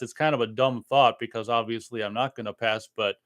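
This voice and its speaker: A man from Minnesota chatting on a podcast in a smooth, resonant voice at a mid pitch. He teases dryly and needles his co-host, and the sound is close and dry. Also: fairly even intonation, brisk, fairly bright tone, no room sound. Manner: dry, teasing. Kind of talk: casual chat.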